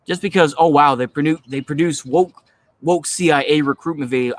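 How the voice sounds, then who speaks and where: A man's voice: a little high, fairly quick, no echo. A man in his thirties with a Texan accent, giving a blunt, profane and dismissive political rant as a vlogger, rambling with lots of fillers. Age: 30s. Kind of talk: casual ranting monologue.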